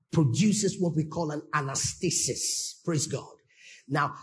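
A man's voice: fairly high pitch, darkish tone. A male pastor preaching a sermon emphatically, often exclaiming praise and checking that listeners follow.

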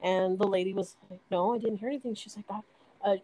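A woman's voice: medium pitch, steady tone, brisk, mellow, poor audio. A woman, a guest in a casual chat, tells a story hesitantly with fillers.

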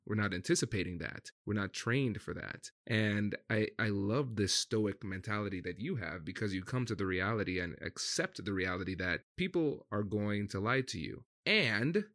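A man's voice: lowish voice, expressive, normal speed, few pauses, a bit bright, no echo, clean studio sound. A man hosting a podcast interview, speaking in an enthusiastic, affirming way. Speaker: podcast host.

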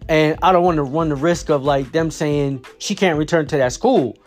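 A man's voice: a little high, moderate pace. A father casually telling a story about his daughter, rambling with many fillers and restarts.

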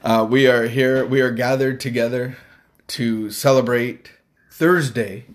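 A man co-hosting a casual morning live stream. He rambles and jokes, chuckling now and then in a mid-pitched voice. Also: steady tone, measured pace. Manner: rambling, jokey, chuckles often.

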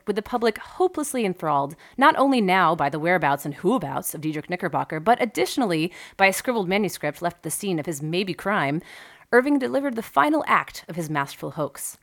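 A woman hosting a podcast, telling a history story in a lively, wry way with joking asides. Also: mid-range voice. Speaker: podcast host.

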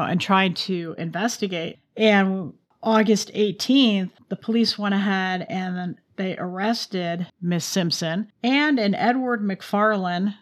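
A woman, co-hosting a true crime podcast and telling the case in a chatty way with quick asides. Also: medium pitch. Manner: chatty storytelling with asides and laughs. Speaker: podcast co-host.

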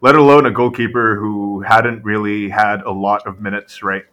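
A man talking through a casual sports podcast, his voice a touch low and forceful with a bright edge. He keeps checking in with "right?" and leans on fillers as he builds a point. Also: normal speed. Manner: animated, full of "right?" tag questions and fillers. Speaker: podcast co-host.

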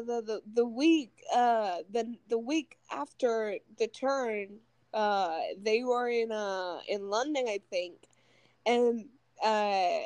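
A woman co-hosting a podcast in casual chat, an excitable storyteller who laughs often. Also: a little high, dry recording. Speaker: podcast co-host.

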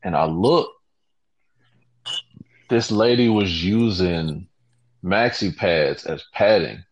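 A man's voice: sits low, slow. A man telling a work story in casual slang, laid-back and amused. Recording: dull lo-fi recording.

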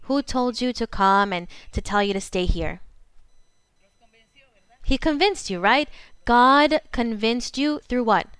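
A woman preaching with fervor, her voice pitched a little high and smooth in tone. Her first language is Spanish. She slows down to stress key words, and the recording is close and dry. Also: fairly bright tone, no echo. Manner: fervent preaching, slows for emphasis. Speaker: pastor. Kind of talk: sermon.

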